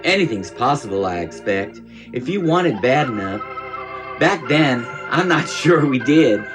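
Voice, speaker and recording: A hopeful Southern housewife pours out her diary entry, as a man puts her on in a drawling Southern US accent. The reading is slow, wistful and heartfelt, with a middle-pitched voice. Music plays clearly underneath. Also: lively intonation, close to an everyday voice. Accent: Southern US, put on.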